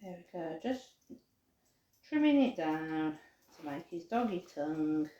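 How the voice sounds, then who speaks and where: A woman's voice: low-pitched, a little slow, echoey room, dull audio. A woman presenting a live craft lesson for children, chatty and cheerful, now and then barking like a dog for fun. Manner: chatty, animated, says dog barks playfully.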